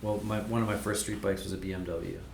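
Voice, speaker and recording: A man's voice: low voice, level tone, fast talker, gravelly. A man hosting a podcast in casual chat, rambling with many fillers as he tells riding stories. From Milwaukee area. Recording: echoey room with faint noise.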